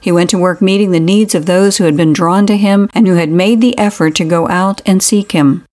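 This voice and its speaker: A woman hosting, offering a calm, reflective devotional commentary. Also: fairly low pitch, brisk. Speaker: host.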